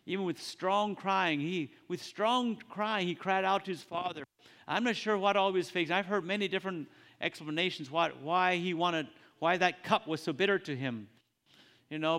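Male preacher, earnest and halting, somewhat raised pitch, long hall reverb. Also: a bit bright. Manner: earnest, halting, repeats phrases. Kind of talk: sermon.

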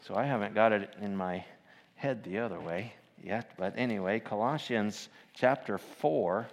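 Hesitant preacher man in reverberant hall. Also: fairly low pitch. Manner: halting, many fillers and restarts, reads scripture aloud. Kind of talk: informal sermon with scripture reading.

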